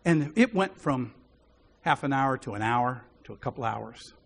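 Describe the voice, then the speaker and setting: A man's voice: medium pitch, lively intonation, moderate pace, gravelly. A man preaching a sermon, telling a personal story with frequent chuckles. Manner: chuckles often while telling stories.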